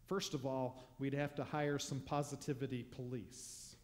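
A man's voice: medium pitch, steady tone, normal speed, a little hiss or hum. A male pastor preaching a sermon in a church, conversational and humorous, with rhetorical questions. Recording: long reverb of a large hall.

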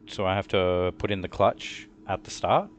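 A man's voice: low voice, moderate pace, a little hiss or hum. A young man streaming a racing game, rambling casually and chatting in a laid-back way. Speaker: gaming streamer. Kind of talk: casual live-stream commentary.

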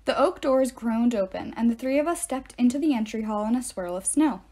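A woman reading a novel aloud in an expressive way, with deadpan asides. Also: fairly high pitch, fairly quick. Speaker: narrator. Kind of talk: audiobook-style reading aloud.

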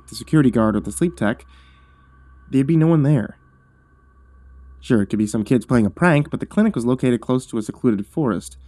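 With no echo on the recording, a man reads aloud a first-person horror story. His storytelling is hushed and measured, dipping low during tense moments.

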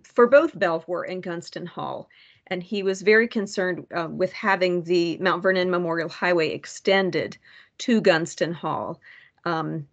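A woman presenting research at a public commission meeting, halting, with many fillers and restarts. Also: fairly low pitch, dull audio.

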